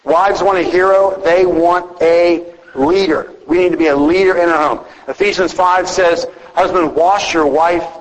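A middle-aged pastor preaching a conversational sermon on marriage, telling personal stories to the congregation. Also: male voice, high voice, steady tone, normal speed, hardly any pauses, big-room sound, poor audio.

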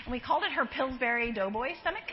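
Animated high-voiced woman lecturing in a hall. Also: fast talker, a little hiss or hum. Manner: animated, acts out quoted remarks with asides to the audience. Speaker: counselor giving a talk. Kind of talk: conversational lecture to a live audience. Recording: dull lo-fi sound, long hall reverb.

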